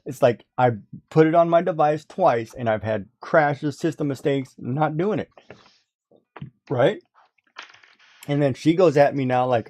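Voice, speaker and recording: A man chatting casually on a livestream, telling animated stories, laughing often and mimicking others. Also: fairly high pitch, moderate pace. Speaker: guest on a craft livestream. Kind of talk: casual chat.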